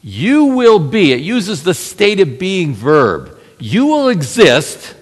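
A man preaching a sermon, telling a scripture story with lively rhetorical questions to the congregation. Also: sits high, slow pace, slightly rough, long reverb tail.

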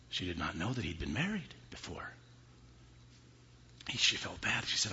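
A man preaching a sermon, swinging from hushed whispers to loud, high emphasis. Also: sing-song, unhurried, gravelly, long pauses, slight background noise. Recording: dull lo-fi recording with faint ambience.

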